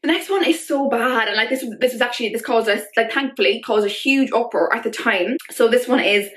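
Talking to camera in a casual vlog, this young woman sounds exasperated and leans on "like" nonstop. Her voice is a little high and fairly bright, and she speaks briskly.

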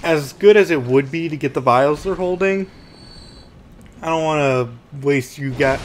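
A fairly high-pitched man talks through his gameplay from home in a loose, rambling way. He chats easily and breaks into panicked yelps when things go wrong. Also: very animated, normal speed, a little hiss or hum. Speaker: let's play host. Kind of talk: gameplay commentary.

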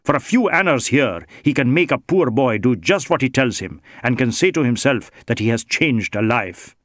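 A man's voice: medium pitch, animated, moderate pace, a bit bright, no echo, clean studio sound, lightly acted. A man voicing a tall, scornful man who tries to bribe a police inspector, wheedling and contemptuous by turns.

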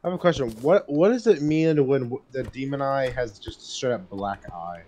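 A man's voice: mid-range voice, expressive, moderate pace, dark tone, muffled recording, slight background noise. A man chatting while playing a video game with friends, teasing them and giving orders. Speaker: gamer. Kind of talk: casual gaming chat.

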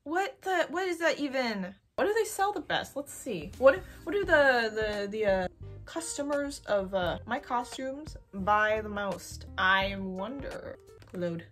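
A young woman chatting casually while browsing online, expressive and given to excited outbursts. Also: a little high, unhurried, faint music behind. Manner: chatty, expressive, swings to loud excited squeals. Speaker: youtuber. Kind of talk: casual screen-recorded shopping commentary.

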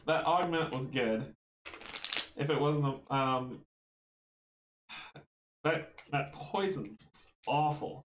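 A man's voice: fairly high pitch, animated, drawn-out words, pauses often, echoey room, low-quality recording. A man playing a tabletop board game solo, thinking aloud, counting out moves and chuckling often.

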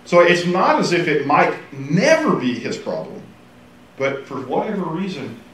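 Lively man teaching a church class. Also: fairly high pitch, measured pace, far from the mic. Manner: animated, joking, acts out quotes. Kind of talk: casual Bible class teaching. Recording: echoey room, faint hiss.

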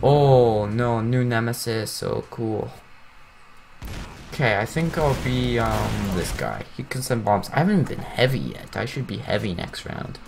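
A young man giving casual, rambling commentary over his own gameplay, teasing himself and breaking into excited outbursts. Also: mid-range voice, unhurried, vocal fry, faint music behind.

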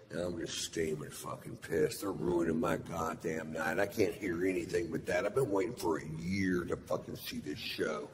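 A man performing a profane stand-up comedy routine, telling a drawling story and punching lines loudly. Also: low-pitched, moderate pace, hardly any pauses. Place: large theater stage. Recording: large theater with long reverb and audience noise.

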